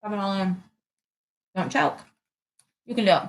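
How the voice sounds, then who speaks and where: A woman's voice: medium pitch, moderate pace, gravelly. A woman co-hosting a casual podcast, chatty and teasing while tasting snacks with family. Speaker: podcast co-host.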